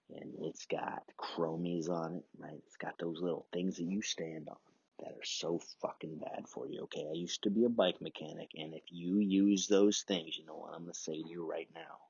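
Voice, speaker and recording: Low gravelly man, rambling podcast monologue. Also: steady tone, moderate pace, a little mellow, dry recording, muffled recording. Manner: profane, rambling, chuckling often. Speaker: podcast host.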